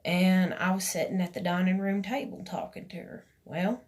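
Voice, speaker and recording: A woman's voice: on the low side, fairly even intonation, normal speed, a little mellow. A woman, telling a personal story to camera in a rambling, emotional way with many fillers. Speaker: vlogger.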